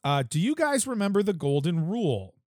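A man hosts a relaxed podcast chat, quick with a joke as he moves the talk along. His voice sits a little high for a man, and the sound is dry and close. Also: dry recording. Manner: jokey, quick, leads the topics. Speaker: podcast host.

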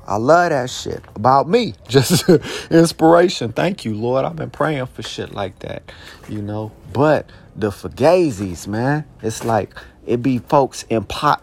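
A man's voice: medium pitch, gravelly. Profane young man ranting casually. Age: young adult. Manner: profane, rambling, streetwise slang; heated bursts into shouted questions. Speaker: podcast host. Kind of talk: casual monologue.

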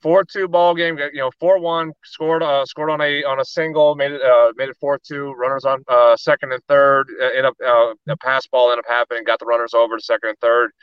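Excitable man with stammering restarts. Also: mid-range voice, a little fast, few pauses, clear, resonant tone, no echo, dull audio. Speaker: co-host, youth softball coach. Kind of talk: casual sports chat.

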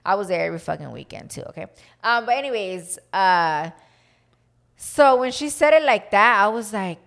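A woman's voice: medium pitch, moderate pace, vocal fry. A woman in her thirties co-hosting a podcast, telling a story in casual chat and acting out other people's voices, slipping in Spanish phrases. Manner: animated storytelling, acts out quoted voices, mixes in Spanish phrases. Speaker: podcast co-host.

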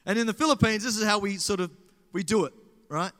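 A man's voice: sits high, fast talker, a bit bright. A man with an Australian accent preaching in a joking way, talking back and forth with the crowd. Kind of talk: sermon. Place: large hall. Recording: live hall with reverb.

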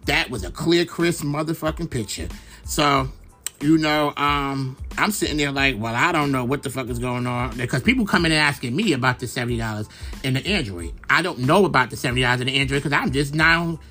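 With faint music behind him, a young Brooklyn man hosts a podcast, chatty and profane as he gossips in a rambling stream of fillers. His voice sits a little high, moves fairly quickly, and sounds bright and forceful.

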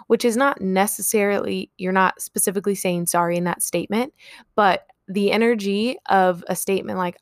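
A woman's voice: mid-range voice, normal speed, no room sound, clean studio sound. A young woman hosting a solo podcast, talking earnestly and reflectively, acting out short everyday example quotes. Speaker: podcast host.

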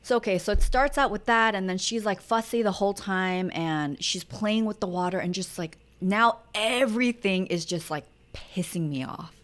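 This young adult woman co-hosts a podcast, sharing frank family stories in relaxed conversation and performing the quoted lines as she tells them. She speaks at a medium pitch and moderate pace, with few pauses.

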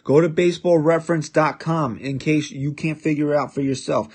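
A man's voice: a little high, fairly even intonation, fairly quick, a little mellow, slightly rough. A man hosting a sports podcast, delivering a combative, sarcastic rant full of jabbing questions. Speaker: podcast host.

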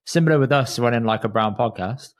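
A man's voice: medium pitch, fairly quick. A man hosting a podcast, talking in long, reflective run-on thoughts in a casual chat. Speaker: podcast host.

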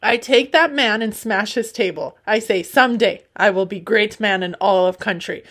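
A woman voicing a boastful, middle-aged Russian immigrant man, speaking loud broken English in a put-on Russian accent. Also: mid-range voice, moderate pace, natural voice.

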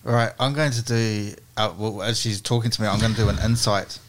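A man's voice: lowish voice, flat delivery, fairly quick. A man playing a tabletop role-playing game, hesitant and stammering as he thinks aloud. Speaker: player. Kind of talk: casual play at a tabletop game.

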